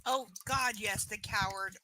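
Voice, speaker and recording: A woman's voice: mid-range voice, unhurried, sharp tone, poor audio. A woman hosting a live book reading, ranting heatedly with lots of profanity between passages.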